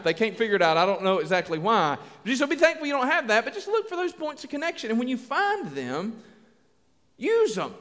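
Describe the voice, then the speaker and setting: Male pastor, high-pitched, folksy and lively, reverb of a large church hall. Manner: folksy, animated, acts out little dialogues. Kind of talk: sermon.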